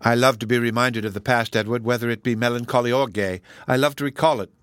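A man's voice: mid-range voice, fairly even intonation, fast talker, a bit bright, smooth, no echo, close to an everyday voice. A man voicing an ardent, earnest young woman in an audiobook reading, speaking with impassioned emphasis.

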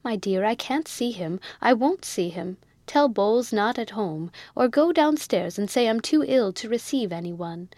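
A woman's voice: fairly high pitch, lively intonation, normal speed, few pauses, darkish tone, no echo, close to an everyday voice. Woman doing a fretful fashionable old lady. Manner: fretful, imperious.

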